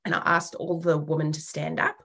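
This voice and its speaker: A woman's voice: sits low, little pitch movement, brisk, creaky, fairly bright tone, slightly rough. A woman co-hosting a podcast in casual chat, blunt, swearing freely and laughing often. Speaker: podcast co-host.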